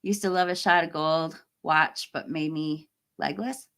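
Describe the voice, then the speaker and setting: A woman's voice: sits low, steady tone, unhurried. Chatty woman hosting a livestream. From United States. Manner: chatty, warm toward viewers, with fillers and laughs. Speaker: livestream host. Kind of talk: casual livestream chat reading comments.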